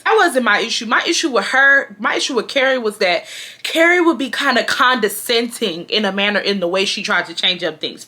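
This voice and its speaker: A young woman from Houston, telling a storytime to her viewers in a slangy, emphatic, animated way. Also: on the high side. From Houston, Texas. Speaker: YouTuber. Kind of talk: casual storytime vlog.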